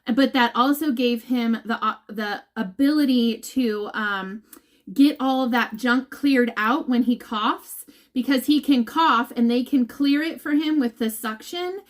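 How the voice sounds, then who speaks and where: A woman talks casually to the people who follow her. Her voice sits high and her delivery is slow and unhurried. She laughs often and sometimes sounds close to tears. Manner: emotional, laughing and near tears while recounting. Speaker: vlogger updating viewers.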